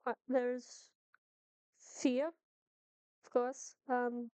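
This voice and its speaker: A woman's voice: fairly high pitch, flat delivery, extremely slow, darkish tone, smooth, dry recording. A woman game master voicing a wary female guide in a put-on Irish accent that drifts, speaking with many ums and restarts. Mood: cautious. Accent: put-on Irish, drifting toward Boston. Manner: hesitant, full of ums and restarts.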